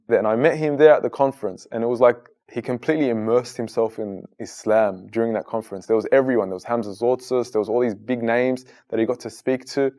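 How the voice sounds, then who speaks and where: A man's voice: medium pitch, fairly even intonation, fast talker, few pauses, darkish tone. A man in his thirties, a guest in an interview, telling his personal story in an earnest, conversational way with lots of casual fillers. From Australia. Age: 30s.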